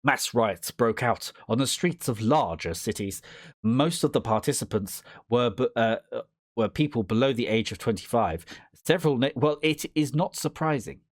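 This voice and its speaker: A man's voice: medium pitch, moderate pace, no echo, studio quality. A man rambling jokily through a horror game playthrough, reading the game's text aloud and slipping into silly voices. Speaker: gaming YouTuber.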